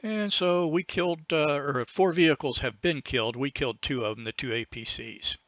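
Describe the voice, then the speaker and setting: A man hosting a flight simulator tutorial, calmly and methodically talking himself through each step of the flight. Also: a little high, moderate pace, dry recording. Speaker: flight sim video host. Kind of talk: narrated simulator gameplay tutorial. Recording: loud aircraft engine noise under the voice. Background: simulated jet engine and cockpit noise.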